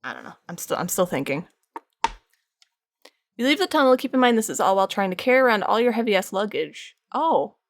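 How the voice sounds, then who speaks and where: A woman's voice: medium pitch, sing-song, a little fast. A woman streaming her art, chatting casually while she sculpts, rambling, laughing often and answering her chat. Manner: reads chat aloud and answers it.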